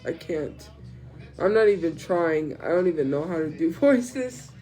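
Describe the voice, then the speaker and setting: A livestreamer chatting casually in a drawn-out, unhurried, rambling way. The voice sits a little deeper than usual from a recent illness, with faint music underneath. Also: animated, dark tone, rough recording. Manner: slow, rambling rant that drifts into chat replies. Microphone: streaming setup.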